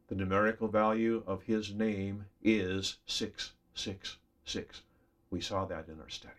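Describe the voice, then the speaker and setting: A man's voice: on the low side, little pitch movement, measured pace. A man preaching a Bible study sermon in an earnest, emphatic way, often addressing the listener directly as a friend.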